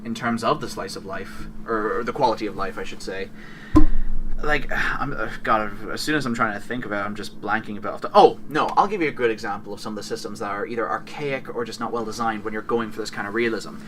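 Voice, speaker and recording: Speaking fast in a lowish, slightly bright voice, another co-host gushes about video games, wandering off track and catching himself mid-sentence. The mic is distant and picks up a faint hiss or hum.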